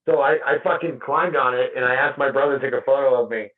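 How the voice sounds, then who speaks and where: A man's voice: mid-range voice, quick pace, distant mic. A man co-hosting a podcast, swearing and laughing through a casual story. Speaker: podcast co-host. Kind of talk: casual chat. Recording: muffled roomy sound from off-mic.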